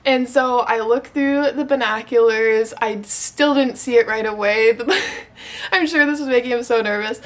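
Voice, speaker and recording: A young woman from Michigan tells a personal story straight to the camera. Her voice sits fairly high, and she gushes and gets emotional, filling her sentences with "like.". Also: measured pace. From Michigan, USA. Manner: gushing, emotional, heavy use of "like". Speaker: vlogger.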